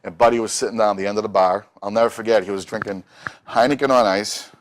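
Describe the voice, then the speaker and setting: A middle-aged man tells stories in a relaxed, chatty way. His voice sits a little low, and he slips into the voices of the people he talks about. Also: fast talker. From Boston. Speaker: musician guest. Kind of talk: casual storytelling.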